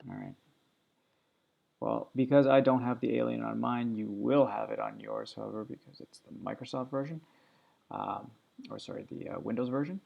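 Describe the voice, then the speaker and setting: Male teacher, gravelly low voice, relaxed step-by-step tutorial narration, dull lo-fi mic. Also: moderate pace. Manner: relaxed step-by-step walkthrough talk. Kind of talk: screen-recorded software tutorial.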